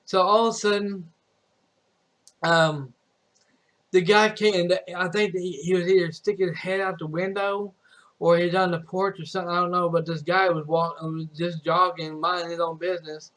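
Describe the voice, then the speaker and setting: A young man with a high voice tells a personal story on his stream. He rambles, restarts his sentences and swears freely as he goes. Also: little pitch movement, moderate pace, a bit bright. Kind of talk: casual storytelling.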